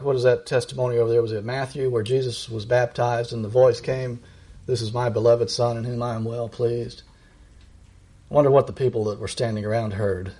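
A middle-aged man preaching a sermon, reading verses aloud with emphatic, rising delivery and slowing down on key lines. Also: a little mellow. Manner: emphatic, rises high when reading verses and slows down.

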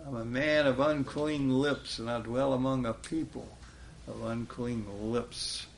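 A man's voice: medium pitch, fairly even intonation, measured pace, vocal fry, a little hiss or hum. A man preaching a sermon in a folksy way, chuckling often and quoting scripture with rising emphasis.

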